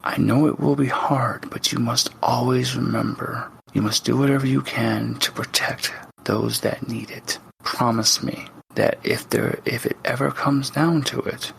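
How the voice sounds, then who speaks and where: A man's voice: mid-range voice, fairly even intonation, unhurried, gravelly, a bit bright, a little hiss or hum. A man voicing an anguished, unhinged wizard father who pleads and rages, sometimes falling to a whisper. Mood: solemn. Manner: pleading and raging, dropping into whispers.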